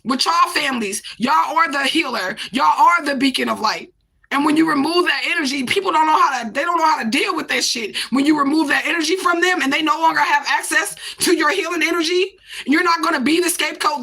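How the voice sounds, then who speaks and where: High-pitched, gravelly-voiced woman streaming. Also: brisk, sharp tone. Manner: raw, repetitive, heavy swearing; addresses viewers directly. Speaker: livestreamer. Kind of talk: emotional livestream monologue.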